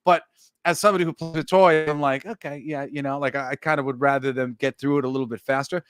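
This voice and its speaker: A man co-hosting a geek podcast in casual chat, animated and swearing, acting out quotes as he talks. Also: on the high side, quick pace, smooth, no room sound, clean studio sound. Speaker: podcast co-host.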